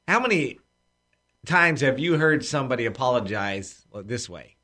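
A man's voice: mid-range voice, lively intonation, normal speed, bright, forceful tone. A man co-hosting a Christian radio talk show, making his point emphatically and acting out sample apologies. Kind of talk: preaching conversation.

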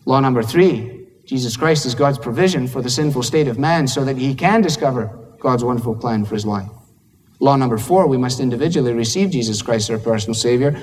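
A man's voice: mid-range voice, in a large hall. A man with a Scottish accent preaching a sermon in a conversational, humorous way, acting out little dialogues. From Scotland.

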